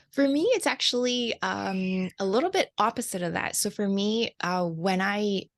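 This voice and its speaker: In a relaxed interview, a woman who channels light language talks reflectively in a mid-range voice, taking her time. The recording is dry, and she laughs a lot and keeps restarting her sentences.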